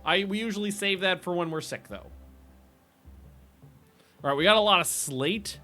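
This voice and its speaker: A man's voice: sits high, normal speed, sharp tone, soft background music. A man casually chatting with viewers while streaming a game, rambling and laughing often.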